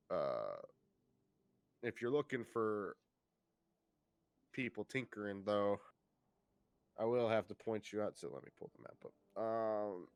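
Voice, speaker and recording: A man narrating as game master, casual and halting with lots of fillers. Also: fairly low pitch, big pitch swings, smooth, no echo. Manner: casual, many fillers and pauses.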